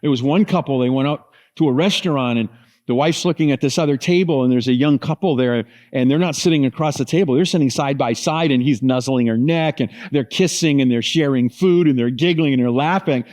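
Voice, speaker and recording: A man's voice: mid-range voice, fairly quick, a little mellow. A middle-aged man preaching as a pastor, telling stories with lots of asides and fillers. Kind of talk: sermon.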